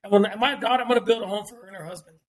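Fast-talking emphatic man. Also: high voice, crowd noise. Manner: animated, emphatic, repeats himself, swears freely. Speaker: podcast guest. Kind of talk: casual podcast chat.

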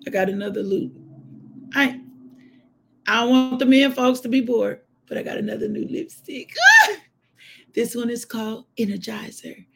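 Chatty woman host, gravelly husky voice, swings up and down a lot, laughs easy. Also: fairly high pitch, normal speed, pauses often, background noise. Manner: lively, laughing, chatty with live viewers. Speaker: host of a morning devotional show. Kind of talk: casual chat.

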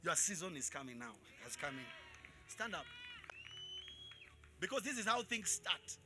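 A man preaching a live sermon to his congregation as pastor, calling out for responses and switching between shouts and quiet asides. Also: high voice, sing-song, normal speed, music in the background. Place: church in front of a congregation.

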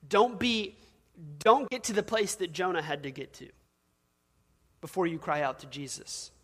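Guy pastor preaching in church, kinda high voice, chatty storytelling that gets loud on the big points, echoey hall. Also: normal speed, slightly rough. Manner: casual, storytelling preaching with rising emphasis. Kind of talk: sermon. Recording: long hall reverb.

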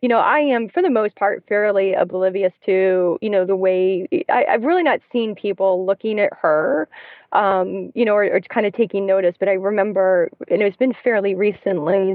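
A woman's voice: medium pitch, normal speed, no echo. A woman in her thirties, a guest in casual conversation, talking in a chatty way with many fillers and restarts, recorded from her car. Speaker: podcast guest, parent. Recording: tinny phone-line sound.

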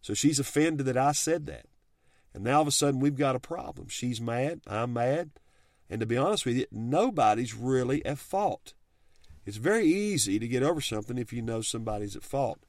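A man's voice: mid-range voice, animated, fairly quick, darkish tone, no echo, clean studio sound. A middle-aged man giving earnest, folksy advice on marriage and faith, speaking plainly with frequent restarts. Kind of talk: heartfelt talk on marriage and faith.

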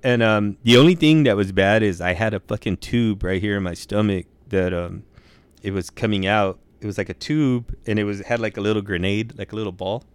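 A young man in a relaxed chat who swears freely and keeps dropping dude and bro. His voice sits low and smooth, and the sound is close and dry. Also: a little fast, no room sound. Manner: laid-back, swears a lot, says dude and bro. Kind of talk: casual storytelling chat.

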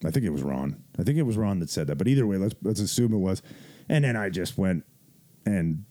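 Male podcast host, low and dark tone, profane, animated storyteller. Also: a little fast. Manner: profane, laughing, animated retelling with quoted voices. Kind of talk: casual storytelling.

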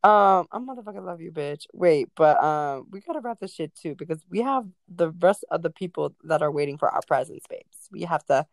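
Brief: teen girl co-host, bubbly, casual swearing, drawn-out fillers, dry mic. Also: lowish voice, expressive, no echo. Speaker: podcast co-host. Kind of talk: casual chat.

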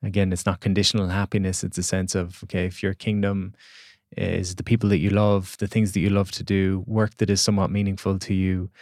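A man, a podcast guest and coach, telling a reflective story in an earnest, halting way with repeated words. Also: low-pitched, little pitch movement, a little mellow, no echo, clean studio sound.

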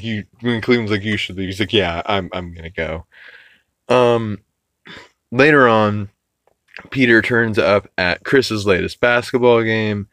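A man's voice: fairly low pitch, a bit bright, dry recording. A man hosting a podcast who recaps a cartoon episode casually, rambling with fillers, swearing and chuckling. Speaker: podcast host.

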